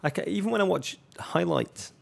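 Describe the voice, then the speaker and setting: A man co-hosting a podcast, riffing in florid, deadpan comic turns of phrase. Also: high voice, normal speed, creaky. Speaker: podcast co-host. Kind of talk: casual banter.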